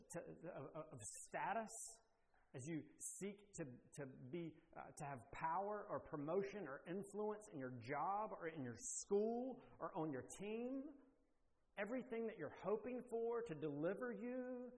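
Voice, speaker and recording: A man preaching a sermon as pastor, emphatic and deliberate, with slow pauses that build to forceful declarations. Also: high voice, animated, in a large hall.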